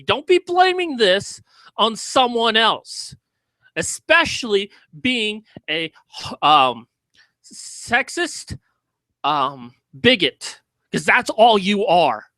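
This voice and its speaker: A man's voice: high-pitched, bright, forceful tone, no echo. A man hosting a commentary video, ranting in a heated, sarcastic way with heavy swearing.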